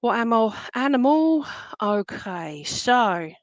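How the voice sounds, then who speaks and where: A woman's voice: a little high, sing-song, takes it slowly, no room sound, lo-fi sound. Chatty woman giving live readings. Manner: chatty, reassuring, many fillers and pet names. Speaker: psychic medium. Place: room with a table of crystal animals.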